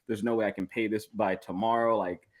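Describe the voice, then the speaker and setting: A man telling a heartfelt family story on a podcast, acting out the voices in it as he goes. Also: on the low side. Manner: fast and expressive, acts out the voices in his story. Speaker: podcast co-host, one of the brothers. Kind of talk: casual storytelling among brothers.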